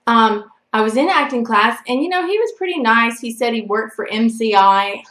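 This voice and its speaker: A woman's voice: a little high, normal speed, fairly bright tone. A woman telling a personal story to her viewers in a chatty, rambling way. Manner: chatty and rambling, full of "like" and "you know". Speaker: vlogger. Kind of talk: casual storytelling to camera. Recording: echoey room.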